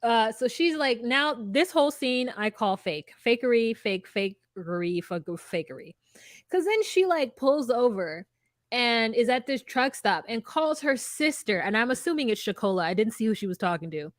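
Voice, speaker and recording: A woman's voice: on the high side, normal speed, no room sound. A woman co-hosting a podcast, chatting casually and animatedly, joking and acting out quotes. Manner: animated, jokey, acts out quotes in funny voices. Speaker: podcast co-host. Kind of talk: casual recap chat.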